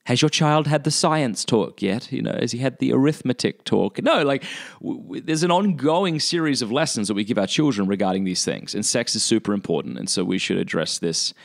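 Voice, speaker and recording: A man giving parenting advice in a casual, animated talk to listeners. His pitch often jumps up when he quotes what he said. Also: brisk, creaky.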